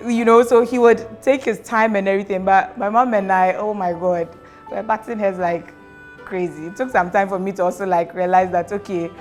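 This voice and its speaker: A woman from Ghana chatting casually as a mother sharing her experience, animated and acting out quotes with laughter, with light music behind. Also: medium pitch, normal speed. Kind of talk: casual chat.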